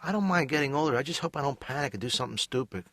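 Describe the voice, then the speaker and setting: A man's voice: medium pitch, expressive, racing, a bit bright, dry recording. A man voicing a neurotic, needy cartoon therapy patient who rambles and complains in a self-pitying way. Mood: ranting. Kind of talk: animated sitcom voice acting.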